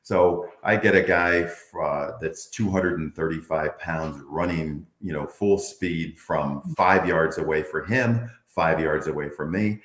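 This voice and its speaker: A man in his fifties, a former football player from the Bay Area, telling animated stories in an interview and acting out quotes. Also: a bass voice, measured pace, few pauses, reverberant. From Bay Area, United States. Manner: animated storyteller, acts out quotes, laughs often. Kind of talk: candid interview storytelling.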